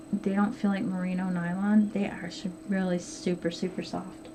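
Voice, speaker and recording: A middle-aged woman hosting a knitting podcast, talking quickly and casually with plenty of ums. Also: medium pitch, gravelly, warm tone. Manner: chatty, quick and rambling with many ums. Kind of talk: casual chat to camera. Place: at home. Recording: noisy home recording.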